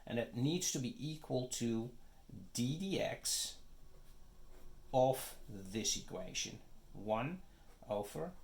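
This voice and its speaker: A man's voice: medium pitch, expressive, takes it slowly, creaky, pauses often, a little mellow. A man giving a math lecture, working through the steps one at a time and often checking in with "okay?" and "right?". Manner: methodical, step-by-step, frequent "okay?" checks. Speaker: teacher.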